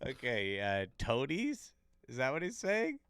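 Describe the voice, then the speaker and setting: A man's voice: medium pitch, huge pitch swings, measured pace, fairly bright tone, clear, resonant tone, no room sound, clean studio sound. A man streaming a reaction to a video, laughing, swearing and reacting in disbelief as he chats with viewers. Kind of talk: casual reaction chat.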